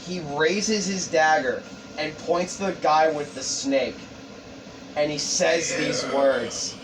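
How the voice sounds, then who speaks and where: Lively guy rambling through a story idea, high voice, far from mic, noisy. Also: slow. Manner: rambling, profane, lots of fillers. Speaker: co-host pitching a story. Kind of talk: casual story pitch narration. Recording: distant mic, background noise.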